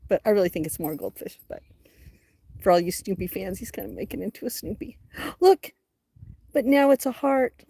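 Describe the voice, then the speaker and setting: A middle-aged woman hosting a casual livestream outdoors, chatty and excitable, talking straight to her viewers. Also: medium pitch, quick pace, creaky, slightly rough. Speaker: livestream host.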